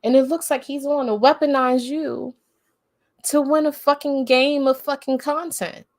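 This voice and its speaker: A woman's voice: high voice, fairly even intonation, moderate pace, dry recording, studio quality. A woman hosting a live stream, talking bluntly and emphatically with heavy swearing in casual commentary. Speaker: livestream host.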